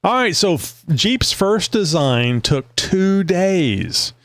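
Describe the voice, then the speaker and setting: A man from Southeast Texas, co-hosting a talk show in casual chat, pausing often with fillers and restarts. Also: sits high, very animated, fairly bright tone, dry recording. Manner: halting, with many fillers and restarts. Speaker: podcast co-host.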